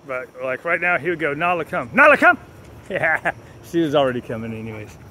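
A man's voice: on the high side, brisk, sharp tone, slight background noise. A man vlogging casually while he trains his dogs, telling stories between short, firm commands. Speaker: dog trainer. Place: outdoors with dogs.

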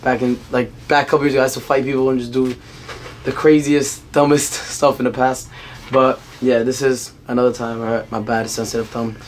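A man in his twenties talking casually to his vlog viewers from home, energetic and playful with lots of fillers. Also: mid-range voice, a little fast, slight background noise. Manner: energetic, playful, talks in bursts with many fillers. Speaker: vlogger. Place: family home indoors.

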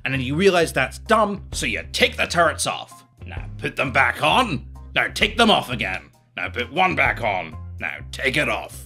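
A man's voice: mid-range voice, very animated, moderate pace, gravelly, pushed and bright, faint music behind. A young man narrating a comedic history video with crude, sarcastic, mock-outraged humor. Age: young adult.

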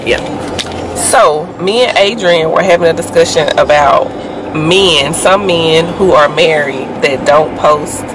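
A woman's voice: sits low, a little slow, noisy background. A woman in her forties, vlogging in a chatty, slangy, casual way while holding a phone camera inside a car. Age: 40s. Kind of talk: casual chat.

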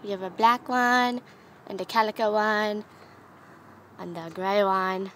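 A teenage girl with a groggy just-woken-up voice, excitedly chatting over her pets outdoors while filming. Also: medium pitch, measured pace. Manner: excitable, gushing over kittens. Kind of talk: casual chat. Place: outdoors in a yard. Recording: noisy outdoor home video.

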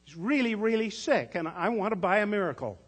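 A small girl's high, insistent plea, as a male preacher puts her on, husky-edged and earnest. She presses on with desperate determination. A long hall reverb from the church sanctuary hangs on every word. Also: animated, fairly quick. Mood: pleading. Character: desperate little girl buying a miracle.

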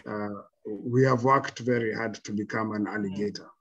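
A man speaking as a panel guest, giving reflective advice in a measured, halting way with frequent restarts. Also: lowish voice, steady tone, a bit bright, slightly rough, lo-fi sound.

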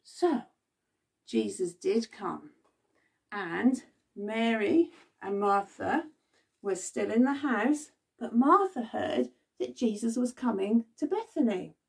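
A woman's voice: on the high side, lively intonation, slow pace, vocal fry, husky, distant mic. A woman leading a children's Bible club, telling the story expressively and asking the children questions.

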